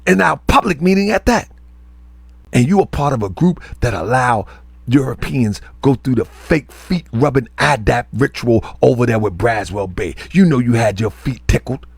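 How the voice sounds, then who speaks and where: A man's voice: medium pitch, creaky, husky, no room sound. A man, a religious teacher and show host, delivering a heated, confrontational online rant full of scolding repetition.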